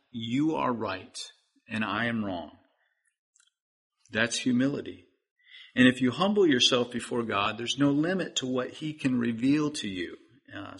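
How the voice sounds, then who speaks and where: A man's voice: mid-range voice, pushed and bright, slightly rough. A man preaching a sermon as pastor, earnest and pleading, speaking directly to his listeners.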